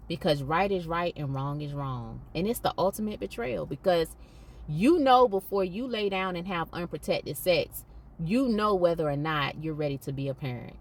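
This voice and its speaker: A woman's voice: lowish voice, lively intonation, unhurried. A woman hosting a podcast, speaking candidly and emphatically and repeating points for stress. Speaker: podcast host.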